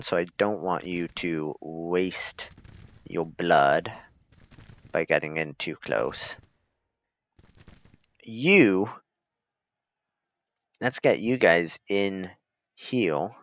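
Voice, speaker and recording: A man's voice: deep voice, drawn-out words, long pauses, fairly bright tone, dry recording. A man giving laid-back, chuckling, self-deprecating commentary as he plays a strategy game. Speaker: gaming streamer. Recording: slightly dull lo-fi recording.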